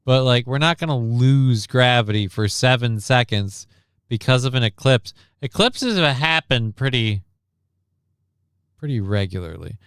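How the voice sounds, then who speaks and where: A man's voice: medium pitch, animated, measured pace, clear, resonant tone, no echo, studio quality. A man hosting a casual chat show, rambling and joking with plenty of swearing. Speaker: host.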